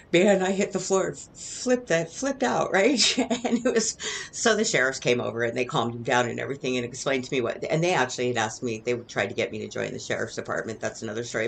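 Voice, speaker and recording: A woman's voice: very deep voice, slight background noise. A middle-aged woman telling stories from her past in a casual, rambling way, often tagging her sentences with "right?". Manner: rambling, digressive, lots of "right?" tags. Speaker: vlogger. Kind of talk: casual storytelling monologue.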